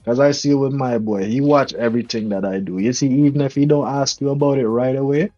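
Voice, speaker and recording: A man's voice: mid-range voice, fast talker, warm tone, no room sound. Man giving emphatic advice, dry lo-fi. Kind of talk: casual chat. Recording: dry, dull lo-fi audio with faint music.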